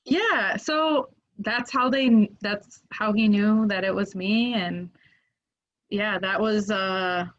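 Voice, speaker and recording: A young woman telling a story as a podcast guest in a casual, animated way, full of filler words. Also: medium pitch, takes it slowly. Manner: animated, many "like" fillers, acts out quoted voices. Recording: muffled lo-fi audio.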